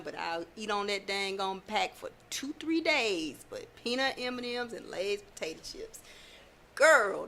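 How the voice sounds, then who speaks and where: A woman's voice: medium pitch, a bit bright, a little hiss or hum. Chatty woman, laughing often. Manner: chatty, down-to-earth, laughs often, many fillers. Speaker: host. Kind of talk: casual chat to followers.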